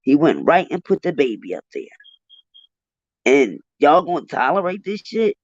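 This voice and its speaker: A man's voice: a little high, sing-song, normal speed, no echo. A man giving heated, profane live commentary, ranting in an exasperated way on a livestream. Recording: dull lo-fi dry livestream audio.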